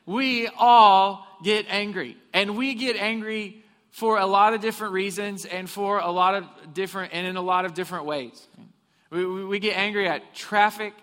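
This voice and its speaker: At a normal speed, a pastor preaches in a church hall, telling funny stories and questioning the congregation. His voice sits high with fairly even intonation and a fairly bright tone, and the hall gives a long reverb.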